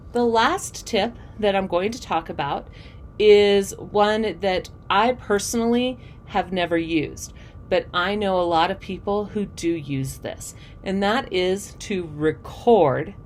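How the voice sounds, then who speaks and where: A woman's voice: medium pitch, a little hiss or hum. A woman teaching theater, giving students friendly, direct advice and repeating key points to review them. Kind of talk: instructional talk to students.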